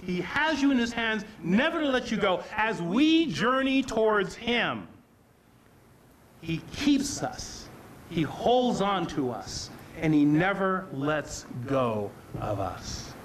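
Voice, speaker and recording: A man's voice: high-pitched, big pitch swings, slow. A man preaching a sermon, earnest and emphatic, often repeating and restarting his phrases.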